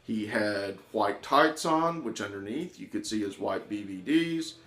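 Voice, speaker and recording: A man telling a personal story in an animated way, acting out the voices of the people in it. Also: lowish voice, measured pace. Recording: echoey room.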